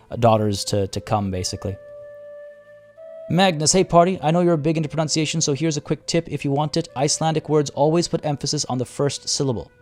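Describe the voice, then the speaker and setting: A man streaming a strategy game live, talking through his choices out loud and chatting with his viewers. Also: mid-range voice. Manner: chatty, reads chat aloud and thinks out loud.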